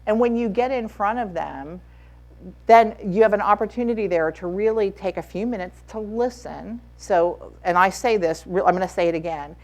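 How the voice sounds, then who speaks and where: A woman's voice: mid-range voice, normal speed. Emphatic woman advising at a conference panel. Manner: emphatic, repeats key points, speeds up for emphasis. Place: conference room.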